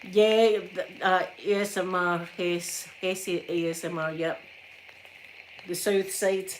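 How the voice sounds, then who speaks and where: Chatty Glaswegian woman, soft spoken. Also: lowish voice, flat delivery, slow pace, a little hiss or hum. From Scotland. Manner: chatty storytelling with frequent laughs and soft asides. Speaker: ASMR livestream host. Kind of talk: casual chat.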